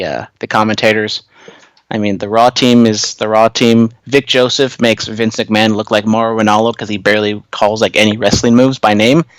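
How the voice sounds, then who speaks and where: A man's voice: lowish voice, dry recording, low-quality recording. A man co-hosting a casual wrestling podcast, talking loosely with lots of fillers and going off on tangents. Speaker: podcast co-host.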